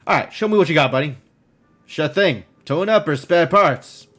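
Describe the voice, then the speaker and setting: A man's voice: on the high side, expressive, moderate pace, fairly bright tone, pitched above the performer's own voice. A man voicing a boisterous, hungover middle-aged male cyber doctor who is cheerful and wisecracking.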